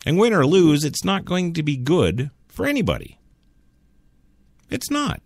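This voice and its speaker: A man's voice: fairly high pitch, huge pitch swings, normal speed, a little mellow, dry recording. A man hosting a talk radio show, arguing bluntly and sarcastically with imagined listeners. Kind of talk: opinionated solo talk radio monologue.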